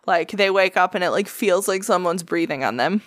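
A woman's voice: on the low side, fairly quick, no echo. A woman co-hosting a casual podcast, joking playfully. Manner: playful, joking, laughs often. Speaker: podcast co-host. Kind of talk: casual chat.

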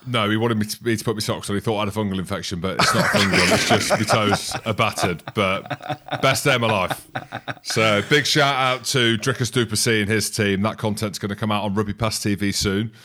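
A man's voice: fairly low pitch, fairly even intonation, brisk, pushed and bright, slight background noise. A man in his forties, a podcast co-host and former rugby player, telling a story in casual chat, self-mocking and laughing often. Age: 40s.

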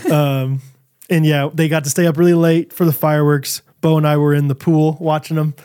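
A man in his thirties co-hosting a podcast, telling family stories in a casual, animated way with frequent laughter. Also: a little high, fairly quick, clean tone. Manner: animated storyteller, laughs often. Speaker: podcast co-host. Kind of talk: casual chat.

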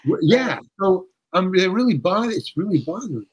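An older man tells a story with real showmanship, acting out the other characters as he goes. His voice sits a little higher than most men's. He often stumbles and restarts mid-sentence, but keeps the tale rolling. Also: a little fast, a loud crowd, rough recording. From United States. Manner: lively storyteller who acts out quoted voices, with frequent restarts. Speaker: guest actor telling stories. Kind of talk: animated anecdote telling.

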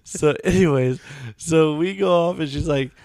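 A man co-hosting a podcast, telling a rambling story full of "you know" and "right?", and putting on high voices for the people he quotes. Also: moderate pace, a little mellow, no echo, clean studio sound. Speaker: podcast co-host. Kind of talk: casual storytelling chat.

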